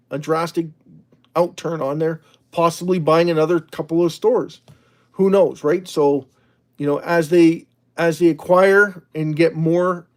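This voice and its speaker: A man with a voice on the high side and a darkish tone hosts a casual livestream. He rambles and chats as he reads the chat aloud, often restarting his sentences and laughing.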